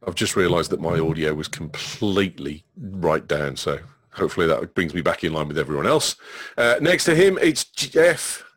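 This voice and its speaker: A man's voice: sits low, lively intonation, moderate pace, fairly bright tone, slightly rough, dry recording. A man hosting a casual tech chat over a video call, swearing freely and rambling with fillers. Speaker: podcast host.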